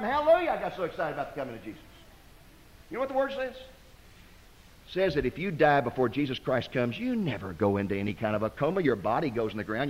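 A man preaching an evangelistic sermon to a congregation, fervent, moving from loud exclamations to hushed, slow emphasis. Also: high-pitched. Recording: dull lo-fi sermon recording.

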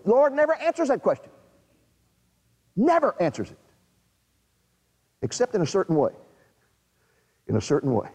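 Brief: emphatic male preacher, high and very animated, dramatic sermon, long reverb. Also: normal speed, long pauses, husky. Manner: dramatic, emphatic, rhetorical questions to the audience.

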